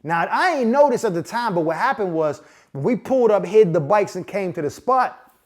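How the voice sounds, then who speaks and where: A man's voice: sits high, moderate pace, a little hiss or hum. A man in his forties from Pittsburgh, telling a comedic personal story in casual slang with frequent asides to the listener. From Pittsburgh, USA. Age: 40s. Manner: animated, slangy, acts out the people in his story; frequent asides of "you know what I'm saying". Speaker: podcast host.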